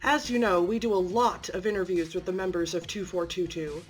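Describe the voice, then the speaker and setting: A woman narrating from a script in a clear, matter-of-fact way. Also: on the low side, fairly even intonation, fairly quick, faint music behind.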